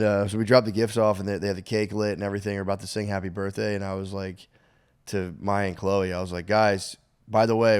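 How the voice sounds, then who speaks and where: A man's voice: lowish voice, clear, resonant tone. A man in his thirties hosting a casual podcast, telling family stories with lots of laughter and acted-out voices. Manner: animated storyteller, laughs often, acts out voices. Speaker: podcast host. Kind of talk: casual chat.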